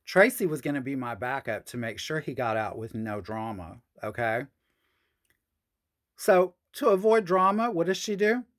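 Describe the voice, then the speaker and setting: A woman's voice: very deep voice, expressive, normal speed. A woman telling a personal story on a podcast, frank and profane, with sassy asides.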